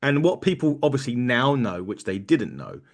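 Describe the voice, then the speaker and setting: A man hosting a podcast, asking relaxed, conversational questions. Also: mid-range voice, normal speed. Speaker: podcast host. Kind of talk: casual interview.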